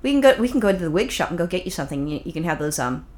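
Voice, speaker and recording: A woman co-hosting a podcast who talks fast and cracks jokes. Her delivery is blunt and profane, and she stays in casual banter with her partner. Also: fairly low pitch, very animated, a little mellow. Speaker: podcast co-host. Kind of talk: casual chat.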